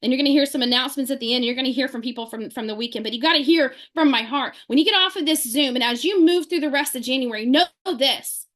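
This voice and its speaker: Woman, high voice, sales team leader; fervent motivational speech, rapid-fire questions, video-call mic. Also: fairly bright tone.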